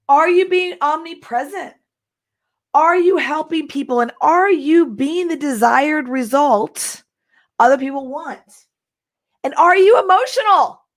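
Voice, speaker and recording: A middle-aged Texas woman, her voice a little high, delivers an energetic, emphatic masterclass as a marketing coach. She reads viewer comments aloud as she goes.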